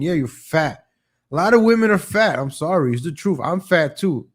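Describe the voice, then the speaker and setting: A man's voice: fairly high pitch, expressive, moderate pace. Opinionated man ranting on a live show. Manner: opinionated, sarcastic, jumps between topics; mocks others in exaggerated voices. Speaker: host of a live online show. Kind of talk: casual ranting live-stream talk.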